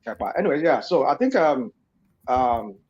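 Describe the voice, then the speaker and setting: A man's voice: on the high side, very animated, brisk, darkish tone, husky. A man from Nigeria speaking on a live online panel, rambling with many fillers and restarts. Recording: dull lo-fi audio.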